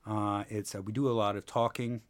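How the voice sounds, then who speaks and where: A man's voice: lowish voice, steady tone, a little fast. A man chatting casually as a podcast guest, rambling and circling back often as he talks. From Seattle area, USA. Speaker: podcast guest, improv performer.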